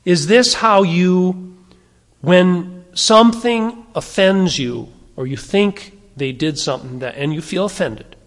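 A man preaching a sermon, emphatic, shifting between strong stresses and quiet asides. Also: high voice, slow pace, big-room sound. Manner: emphatic, varies loudness, drops to quiet asides. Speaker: pastor.

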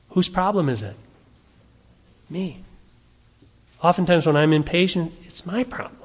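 A man preaching a sermon, emphatic, shifting between strong stresses and quiet asides. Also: high voice, in a large hall. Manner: emphatic, varies loudness, drops to quiet asides. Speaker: pastor.

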